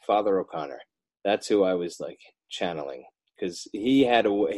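Deep-voiced man, animated and dry. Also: dry recording. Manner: animated, self-interrupting, rising emphasis. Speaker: children's book author, guest. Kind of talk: casual interview talk.

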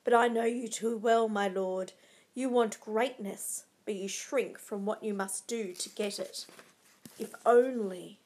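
A woman's voice: medium pitch, steady tone, unhurried, a little mellow, close to an everyday voice. A woman voicing a scheming, ruthless noblewoman who coaxes, commands and scorns, read aloud from a storybook.

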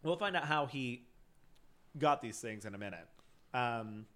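A man's voice: mid-range voice, animated, a little slow, a bit bright. A man co-hosting a casual podcast, retelling a crime case from his notes with plenty of fillers and restarts. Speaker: podcast co-host.

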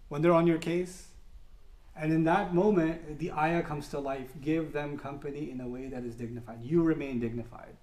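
Fervent high-voiced male preacher. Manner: passionate, rising emphatic then softening, quotes Arabic verses. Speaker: Islamic preacher. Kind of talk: sermon.

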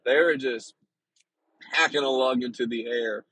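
Rambling young man with a husky voice. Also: medium pitch, measured pace, sharp tone, dry recording, rough recording. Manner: rambling, lots of filler and restarts. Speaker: vlogger. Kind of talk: casual storytelling.

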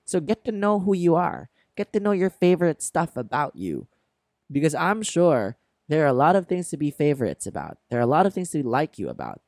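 A man's voice: fairly high pitch, big pitch swings, brisk, a little mellow, no echo, studio quality. A man hosting a self-help podcast, talking earnestly and encouragingly to his listeners and laughing at himself now and then. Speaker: podcast host. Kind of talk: motivational self-help monologue.

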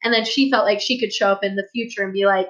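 A woman's voice: medium pitch, steady tone, quick pace, fairly bright tone. A young woman co-hosting a casual podcast, telling a personal story in an open, reflective way. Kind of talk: casual conversational podcast chat. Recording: roomy, slightly dull sound.

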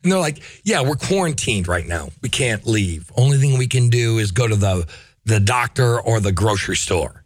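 A middle-aged man hosting a podcast, chatting casually and ranting in an animated, profane way. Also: mid-range voice, normal speed. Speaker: podcast host. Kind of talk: casual opinionated chat.

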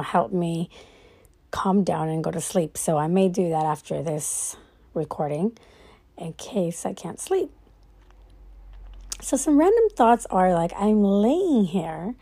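A woman's voice: medium pitch, mellow. A woman lying in bed at night, rambling casually through her own thoughts in a reflective monologue and swearing freely.

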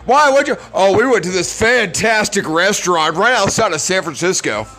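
Guy putting on a condescending bro roommate, bragging, pitched way up. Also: lively intonation, pushed and bright, soft background music, full character voice. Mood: smug. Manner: boastful, drawn-out, condescending. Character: smug bragging male roommate back from California.

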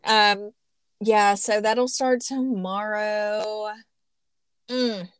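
A woman's voice: mid-range voice, clear, resonant tone, dry recording, studio quality. A woman, co-hosting a podcast in casual, rambling chat with self-deprecating jokes. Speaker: podcast co-host. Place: small closet.

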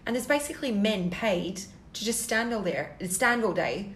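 A woman chats in a podcast with a mid-pitched voice, animated and quick to exclaim. She laughs a lot and swears mildly. The sound is roomy and echoey. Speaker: podcast co-host. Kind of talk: casual chat. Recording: echoey room.

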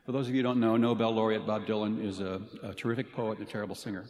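A man's voice: on the low side, flat delivery, darkish tone. Man giving a commencement speech in a hall. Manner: earnest and playful, with dramatic pauses. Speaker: faculty commencement speaker. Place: large ceremony hall. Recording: reverberant hall, faint ambience.

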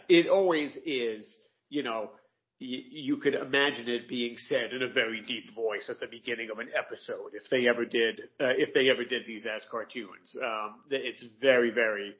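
A man's voice: mid-range voice, lo-fi sound. A man co-hosting a comics podcast in casual chat, describing pages enthusiastically with many fillers.

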